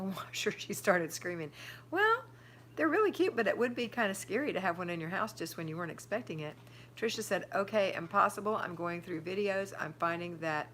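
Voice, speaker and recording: A little hiss or hum sits under a fairly low, slightly bright female voice. The speaker, an older woman hosting a live stream, reads viewer comments, chats casually, and offers firm homemaking advice.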